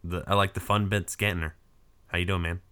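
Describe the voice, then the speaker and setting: A man hosting a podcast in casual chat, hoarse from a cold, joking crudely and rambling. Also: low-pitched, little pitch movement, fairly quick, pushed and bright. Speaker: podcast host.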